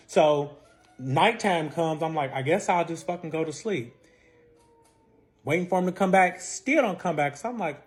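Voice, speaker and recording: A young man telling a wild personal story in a casual storytime monologue, heavily profane and animated, acting out both sides of an argument. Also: high voice, normal speed.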